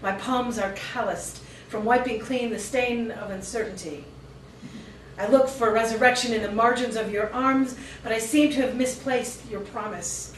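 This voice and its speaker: At a cafe open mic, a featured poet with a fairly high voice performs her spoken-word pieces for a live audience, alternating between rhythmic, intense delivery and casual asides. The recording is distant and echoey, with faint background noise.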